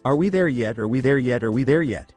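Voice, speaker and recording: A man's voice: mid-range voice, animated, fairly quick, darkish tone, faint music behind, close to an everyday voice. A man voicing a manic, gleefully unhinged inner self of a young woman in a fan storybook reading.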